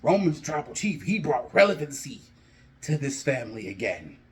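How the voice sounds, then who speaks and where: A man's voice: medium pitch, very animated, normal speed, a little hiss or hum. A man casually narrating an imagined wrestling storyline, rambling and talking straight to his viewers. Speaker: wrestling fan vlogger. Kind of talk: rambling fan booking commentary.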